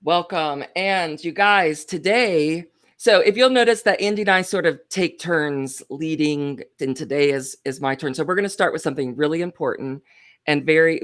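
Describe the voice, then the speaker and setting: A woman with a slightly low voice hosts a casual Bible study chat. She talks in a chatty way and teases with a playful edge. Her delivery is loose and conversational. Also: animated, normal speed.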